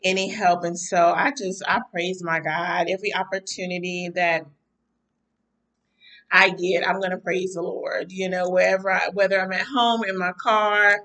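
A woman's voice: on the low side, level tone, moderate pace, bright, forceful tone, distant mic, poor audio. A woman minister giving a fervent devotional talk full of repeated praise phrases, her voice sounding tired and mentally weary. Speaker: minister and podcast host. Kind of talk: devotional talk to a live audience.

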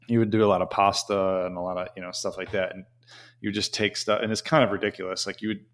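A man's voice: deep voice, little pitch movement, quick pace, a bit bright. A man telling a casual, rambling story as an interview guest, with many "you know" fillers.

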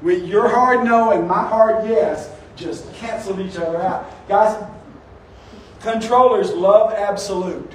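A man preaching a sermon in a high, bright voice, acting out quotes and pushing his points with rising emphasis. He sounds a little away from the mic, and the church around him rings with echo over a faint hiss. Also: unhurried, recorded from a distance. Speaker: pastor. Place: church sanctuary.

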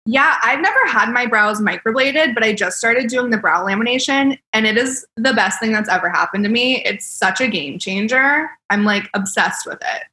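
A woman's voice: fairly high pitch, normal speed, few pauses, bright, forceful tone. Bubbly young woman telling stories, roomy. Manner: bubbly, laughs often, heavy use of "like". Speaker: celebrity makeup artist guest. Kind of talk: casual podcast storytelling. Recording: roomy echo.

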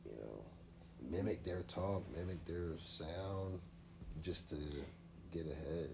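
A man's voice: low-pitched, expressive, slow pace, vocal fry, background noise. A man co-hosting a podcast, talking in a laid-back, rambling way full of slang and fillers. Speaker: podcast co-host. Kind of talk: casual chat.

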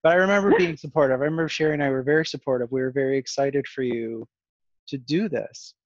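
Podcast host guy, halting, restarts a lot, dry sarcastic tone, dull lo-fi sound. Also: medium pitch, no echo. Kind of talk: casual conversation.

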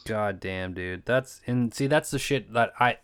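A man's voice: on the low side, measured pace, a bit bright, clean tone. A man from Florida and Kentucky in casual chat, laid-back and swearing, saying dude a lot.

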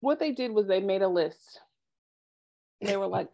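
A woman co-hosting a casual podcast chat, animated, acting out quotes and laughing often. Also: mid-range voice, moderate pace, vocal fry, highs cut off. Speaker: podcast co-host.

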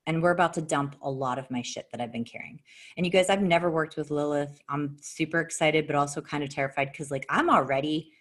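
Blunt, foul-mouthed woman telling her story. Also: brisk. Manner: profane, blunt and emphatic; animated, with sharp jumps in pitch. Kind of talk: casual personal storytelling.

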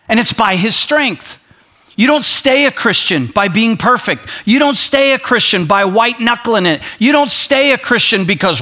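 A male pastor preaching a sermon, animated, acting out quoted voices and dropping to a soft low voice for emphasis. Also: normal speed.

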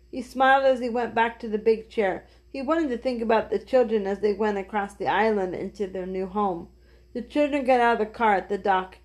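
A woman reading a children's book aloud gently, with small slips. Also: mid-range voice, fairly even intonation, brisk. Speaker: storyteller.

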